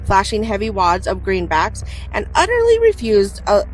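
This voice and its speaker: A woman's voice: medium pitch, huge pitch swings, normal speed, faint music behind, rough recording. A woman hosting a podcast, reading a story aloud in casual chat and laughing at herself. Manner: self-mocking, laughs often, reads narration aloud. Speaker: podcast host.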